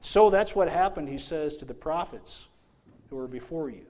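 A man preaching a sermon as pastor, asking rhetorical questions and reading scripture slowly, with emphatic swings in loudness. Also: fairly high pitch, expressive.

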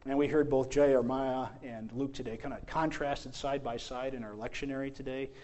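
A man preaching a sermon as pastor, asking rhetorical questions and reading scripture slowly, with emphatic swings in loudness. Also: medium pitch, steady tone.

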